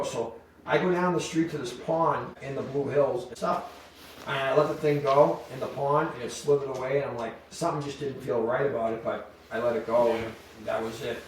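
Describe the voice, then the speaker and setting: A man's voice: medium pitch, fairly quick. Middle-aged mass guy telling stories, does all the voices, mic kinda far off, faint hiss. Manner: animated storyteller, acts out quoted voices. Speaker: podcast guest. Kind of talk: storytelling in casual chat. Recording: echoey room, distant mic, faint noise.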